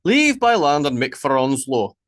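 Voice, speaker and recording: A man voicing a gruff, commanding Viking war leader with firm, slightly archaic speech in an audiobook. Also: mid-range voice, big pitch swings, moderate pace, no echo, clean studio sound, voice pushed up, lightly acted. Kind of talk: audiobook character voice.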